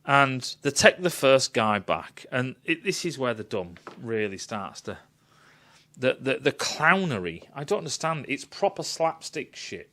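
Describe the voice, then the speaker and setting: A man's voice: medium pitch, very animated, measured pace, pushed and bright. Exasperated man ranting. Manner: exasperated, sweary, sarcastic. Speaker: film reviewer. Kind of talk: ranting film review.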